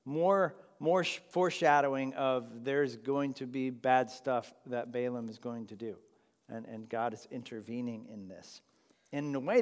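A pastor preaching a sermon, retelling a scripture story in a playful, animated way and voicing the characters. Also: male voice, medium pitch, long reverb tail.

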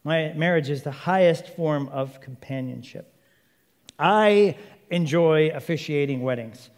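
A man preaching a sermon, an animated storyteller who jokes and acts out little scenes. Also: on the high side, measured pace, big-room sound. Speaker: pastor.

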